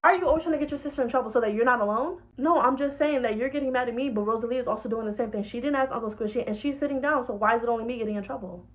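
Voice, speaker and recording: A woman's voice: a little high, rapid-fire, hardly any pauses, muffled recording, lightly acted. A woman playing a harsh snappy mom. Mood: snapping. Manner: sharp, snappy. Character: harsh, defensive mother of two girls. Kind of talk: comedy skit.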